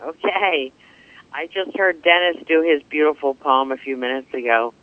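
A man's voice: fairly high pitch, moderate pace, no echo. Male phone caller, hesitant and rambling, thin tinny line, dry sound. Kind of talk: phone call-in chat. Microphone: telephone.

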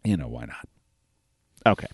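A man's voice: extremely low pitch, very animated, normal speed, slightly rough, dry recording. A man hosting a podcast in a casual, rambling way, with plenty of fillers and restarts. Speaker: podcast host. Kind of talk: casual talk-show chat.

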